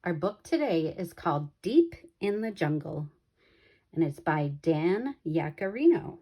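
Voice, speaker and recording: Female storybook reader, slow pace, warm and dark tone. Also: lowish voice. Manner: slow and expressive. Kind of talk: children's picture book read-aloud.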